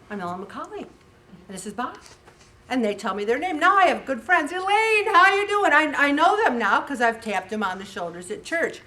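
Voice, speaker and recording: Woman, 60s, inspirational talk, lively storyteller, slightly high voice, bright tone. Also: distant mic. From Syracuse, New York. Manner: lively storyteller, acts out dialogue. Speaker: weight loss group leader.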